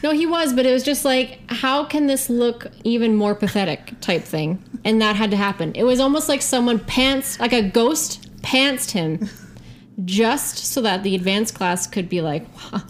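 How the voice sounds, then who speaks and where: A young adult woman telling a story in a casual podcast chat, animated, profane and self-mocking. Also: fairly high pitch, normal speed, a little hiss or hum. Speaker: guest storyteller.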